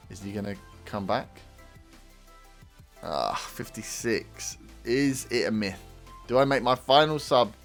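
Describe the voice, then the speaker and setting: Excitable man commentating his game. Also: on the low side. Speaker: gaming YouTuber. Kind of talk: casual let's-play commentary.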